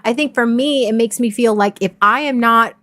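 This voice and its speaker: A woman's voice: fairly high pitch, normal speed, fairly bright tone, no room sound. A woman co-hosting a livestream, talking frankly and emotionally in casual chat, swearing freely and often restarting her sentences. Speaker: streamer and co-host.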